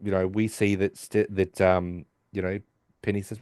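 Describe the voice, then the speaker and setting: A man hosting a podcast, casually retelling a sitcom episode and voicing quick quotes from the characters. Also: deep voice, level tone, darkish tone, dry recording, studio quality. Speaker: podcast host. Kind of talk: casual recap chat.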